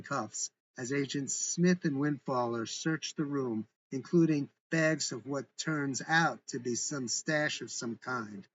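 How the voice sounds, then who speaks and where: A man's voice: mid-range voice, a little slow, few pauses, fairly bright tone, slightly rough, dull audio. A man reading a script aloud with stage directions in a plain, matter-of-fact way. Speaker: narrator and author.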